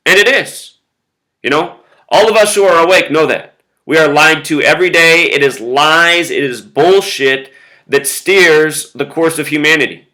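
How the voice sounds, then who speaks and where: Guy vlogging, kinda high voice, bright and forceful, keeps saying you know. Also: a little slow, poor audio. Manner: emphatic, repeats words and lists, frequent "you know". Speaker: video blogger. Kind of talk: casual monologue to camera.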